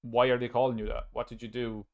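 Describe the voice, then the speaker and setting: A man's voice: mid-range voice, level tone, quick pace, creaky. A man hosting a casual podcast chat, rambling with frequent restarts and casual swearing. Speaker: podcast host and streamer.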